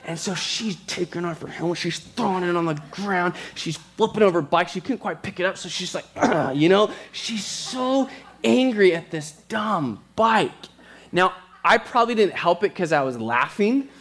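Pastor, male, slightly higher voice, chatty storytelling sermon delivery. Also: animated, fairly bright tone, slight background noise. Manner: conversational, storytelling with quick asides.

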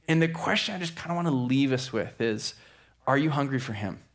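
A man preaching a sermon as a pastor, telling a story with lively acted-out quotes. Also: medium pitch, brisk. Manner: animated storyteller acting out quotes.

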